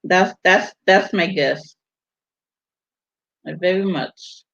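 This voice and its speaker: Slow-talking Virgin Islands woman, chatty. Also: fairly low pitch, gravelly, a bit bright. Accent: Virgin Islands Caribbean. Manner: chatty, teasing, laughs often. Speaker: vlogger hosting a live stream. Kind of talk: casual chat reading viewer comments. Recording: dull lo-fi audio.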